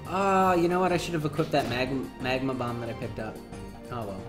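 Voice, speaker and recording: A man's voice: medium pitch, expressive, a little fast, over music. A man giving casual, playful, offhand commentary while playing a video game. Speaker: gameplay commentator. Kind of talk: casual let's-play commentary.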